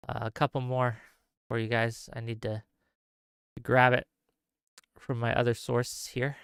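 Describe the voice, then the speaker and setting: Male commentator, upset, halting and emphatic, clean crisp voice, bright tone. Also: medium pitch, flat delivery, no echo, studio quality. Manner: emphatic, halting, repeats himself. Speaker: online commentator. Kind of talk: reaction commentary on video clips.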